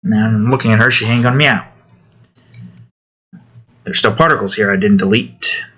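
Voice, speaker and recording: A man's voice: on the low side, normal speed, sharp tone, breathy edge. A man talking casually to himself while drawing digital art, muttering about his work and snapping at his cat. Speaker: artist drawing on stream.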